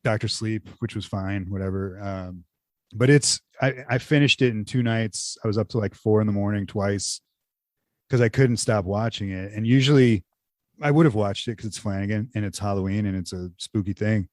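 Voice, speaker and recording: A man's voice: on the low side, moderate pace, dry recording, studio quality. A man co-hosting a podcast in casual chat, rambling loosely and full of "like" fillers. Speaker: podcast co-host.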